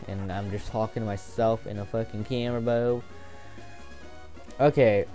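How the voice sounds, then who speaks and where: A young man giving casual, excitable commentary while playing a game, swearing and joking to himself. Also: on the low side, a little fast, soft background music. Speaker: gameplay commentator.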